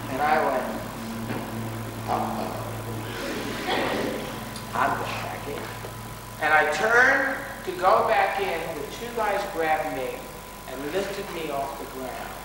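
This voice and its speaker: A man's voice: a little high, sing-song, slow pace, long pauses, over music. A man giving a dramatic personal storytelling talk to a school assembly, recorded from far off in a large hall. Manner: dramatic, rises to pleading shouts. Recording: distant echoey hall recording.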